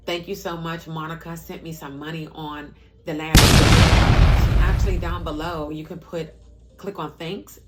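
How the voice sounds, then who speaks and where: A middle-aged woman vlogger telling a personal story in a casual, animated way, acting out what others said. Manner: animated storyteller, acts out quotes in a higher voice. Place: parked car.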